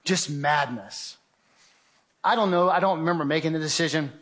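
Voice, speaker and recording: A man's voice: fairly high pitch, moderate pace, fairly bright tone. Earnest man telling a gripping story. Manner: earnest storytelling, addresses listeners as guys. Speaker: guest speaker. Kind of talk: testimony to an audience.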